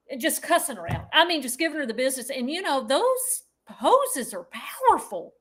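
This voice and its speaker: A woman's voice: sits high, big pitch swings, normal speed, hardly any pauses, a bit bright. A woman co-hosting a podcast, telling a story in a casual way and laughing often as she goes. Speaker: podcast co-host.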